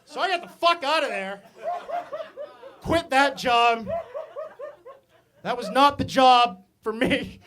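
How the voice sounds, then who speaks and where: A man from Maine telling stand-up comedy stories, animated and self-mocking, with asides to the audience. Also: extremely high pitch, slow, long pauses. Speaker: stand-up comic.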